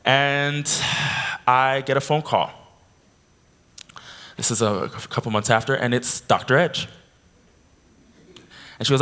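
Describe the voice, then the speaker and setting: A man from Canada giving a keynote speech, telling a personal story with animated delivery. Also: mid-range voice, unhurried, long pauses, clear, resonant tone. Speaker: keynote speaker. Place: convention hall.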